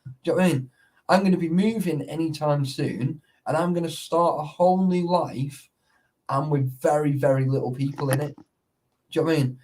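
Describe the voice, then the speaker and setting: Brief: man, sweary and animated storyteller, slightly higher voice, casual chat. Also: normal speed. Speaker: urban explorer.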